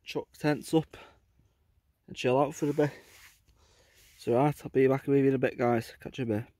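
A man's voice: mid-range voice, fairly even intonation, moderate pace, dark tone, no room sound. A man vlogging casually outdoors on a windy coast, chatting and rambling with plenty of fillers into a handheld camera. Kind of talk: casual vlog chat.

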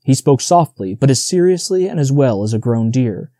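Deep, mellow male audiobook narrator. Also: expressive, moderate pace, no room sound, clean studio sound. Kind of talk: scripted storybook narration.

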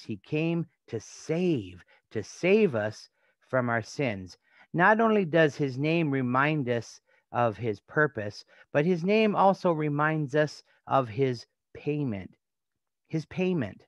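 Pastor preaching with emphatic repetition. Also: male voice, on the high side, dry recording. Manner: rhetorical questions, emphatic repetition. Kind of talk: sermon.

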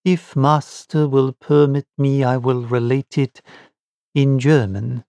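A man reading an audiobook, voicing a calm, philosophical manservant with a slow, gravelly delivery. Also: mid-range voice, dry recording. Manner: calm, measured.

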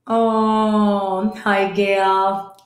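Woman, hoarse croaky voice, live chat with viewers, mid pitch, echoey room. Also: level tone, very slow. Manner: chatty, greets viewers by name. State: hoarse from croup. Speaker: livestream host. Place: decorated home room.

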